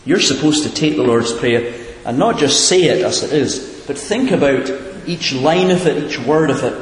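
A man's voice: on the high side, normal speed. A man preaching in an earnest, questioning way, often repeating a word as he searches for the next. His voice carries through a large hall with a long, reverberant tail. The recording is roomy and distant. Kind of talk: sermon. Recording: echoey hall, far from the mic.

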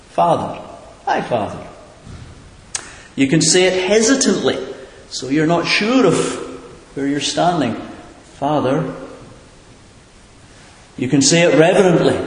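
In a medium-pitched voice, a man delivers an earnest, questioning sermon, often repeating a word while he searches for the next. The recording is roomy and distant, far from the mic, with his voice carrying through a large, echoey hall and its long reverberant tail.

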